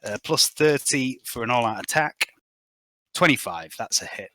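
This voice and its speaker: A man running a tabletop game as game master, briskly tallying dice and narrating gory combat. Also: mid-range voice, expressive, bright, forceful tone, no echo. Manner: brisk, swearing, tallies dice aloud.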